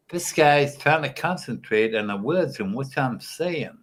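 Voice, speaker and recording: A man's voice: mid-range voice, animated, a little slow, fairly bright tone. A man chatting on a livestream panel from a home webcam setup with a studio microphone, rambling and teasing the others cheekily. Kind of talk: casual chat.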